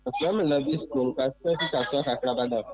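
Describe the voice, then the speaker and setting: A man's voice: medium pitch, fairly quick, crowd noise. A man calling into a radio phone-in, asking pointed questions and repeating himself to make a point. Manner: questioning, repetitive. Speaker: caller. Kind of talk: phone-in complaint. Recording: tinny dry phone line.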